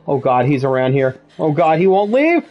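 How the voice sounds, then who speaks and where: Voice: mid-range voice, sing-song, moderate pace, muffled recording. A streamer playing a horror game live, panicking, swearing nonstop and yelping between nervous laughs.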